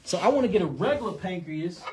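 A fast talker with a high voice and darkish tone, he's very animated. This St. Louis native hosts a live herbal health show, casually fielding viewer questions with a St. Louis accent, a lisp on his s sounds, and calling his audience y'all and God.

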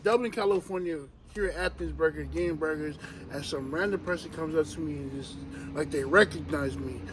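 Animated man telling wrestling stories, noisy. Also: on the high side, fairly quick. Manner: animated, laughing storyteller acting out others' voices. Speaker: professional wrestler, guest. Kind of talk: casual storytelling chat. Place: outdoors, hot day.

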